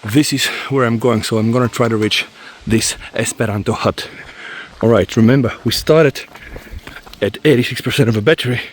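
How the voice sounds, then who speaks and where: A man's voice: medium pitch, moderate pace, a little hiss or hum. Panting man reviewing gear on a hike. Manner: chatty, addresses viewers as guys. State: out of breath from fast walking. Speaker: tech reviewer. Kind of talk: casual walk-and-talk review. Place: outdoors on a forest trail.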